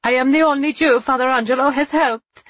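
A woman's voice: on the high side, normal speed, slightly rough, no echo, muffled recording, voice pushed up. A woman voicing a defiant young Jewish woman held prisoner, answering steadily and pleading for another's release.

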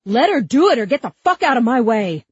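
A terrified cop barks frantic, profane orders in a strained, high, loud voice, as a woman reader puts him on. The voice is husky and sits close to the mic in a dry, slightly dull recording. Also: sing-song, a little fast, no echo, heavily acted. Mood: panicked yelling. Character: terrified man, a cop, screaming.

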